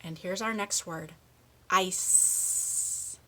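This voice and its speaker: A middle-aged woman leading a speech lesson for young children, modeling words slowly with exaggerated endings and steady encouragement. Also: mid-range voice, slightly rough. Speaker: speech therapist.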